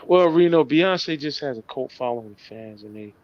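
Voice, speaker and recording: A man's voice: mid-range voice, expressive, moderate pace, dry recording, dull audio. A man co-hosting a podcast, telling stories in a chatty, casual way. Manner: storytelling, chatty. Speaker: podcast co-host. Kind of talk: casual chat.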